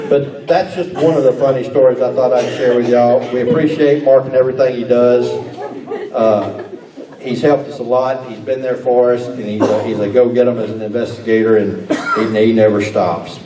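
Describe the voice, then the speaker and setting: A man's voice: medium pitch, steady tone, normal speed, a crowd in the background. A man with a Texas accent, a sheriff giving a folksy, laughing speech at an awards dinner. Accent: Texan. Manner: folksy, drawling, laughs while telling stories. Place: banquet hall. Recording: roomy banquet hall, picked up from a distance.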